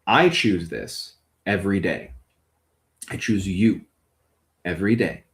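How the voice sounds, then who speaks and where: A man's voice: low-pitched, lively intonation, slow, voice pushed down, heavily acted. A man playing a blunt, tender lover. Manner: earnest, blunt and profane, tender. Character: man named Croy, caring blunt partner. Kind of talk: tabletop role-play in character.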